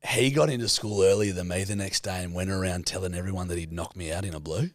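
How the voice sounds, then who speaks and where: A man in his thirties with an Australian accent, co-hosting a podcast and telling stories in a loose, animated way with plenty of swearing. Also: deep voice, quick pace, no echo, clean studio sound. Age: 30s. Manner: swears freely, animated storyteller. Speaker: podcast co-host. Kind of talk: casual storytelling chat.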